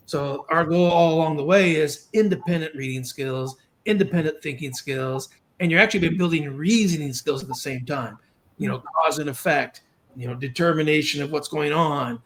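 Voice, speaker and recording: Fast-talking, high-voiced male podcast host. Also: a bit bright. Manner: fast, explanatory, encouraging. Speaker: podcast host and reading instructor. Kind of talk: conversational coaching.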